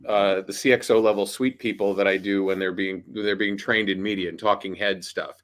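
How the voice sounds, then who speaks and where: A man's voice: lowish voice, steady tone, fairly quick, a bit bright. Emphatic coaching man on a video call. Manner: emphatic, coaching, punchy warnings. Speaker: voiceover artist and audiobook coach. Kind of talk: animated panel chat.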